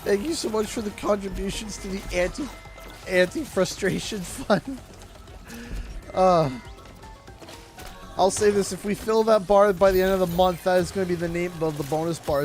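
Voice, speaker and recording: A man from Canada hosting a gaming livestream, rambling with many fillers and restarts, getting loud and excited over donations. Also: high voice, normal speed, long pauses, soft background music. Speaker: livestream host.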